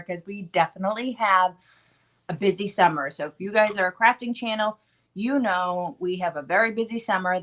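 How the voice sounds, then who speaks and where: A woman's voice: mid-range voice, fairly bright tone. A woman hosting a casual craft live stream, chatty and full of fillers, with allergies bothering her. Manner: chatty, filler-heavy, laughs often. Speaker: craft channel host.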